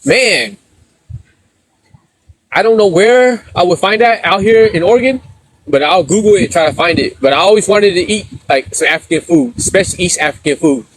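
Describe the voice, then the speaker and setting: A man's voice: high-pitched, animated, moderate pace. Slangy middle-aged man chatting on a live stream. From San Diego, USA. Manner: storytelling with street slang, laughing often. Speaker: livestreamer reading chat. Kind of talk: casual live stream chat.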